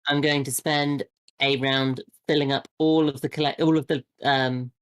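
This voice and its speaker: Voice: mid-range voice, level tone, moderate pace, smooth. A player in a tabletop game who talks casually and rambles through their plans.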